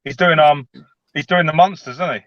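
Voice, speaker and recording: A man's voice: fairly high pitch, brisk, no echo, highs cut off. A man making wry jokes in casual banter on a stream, often stumbling over his words.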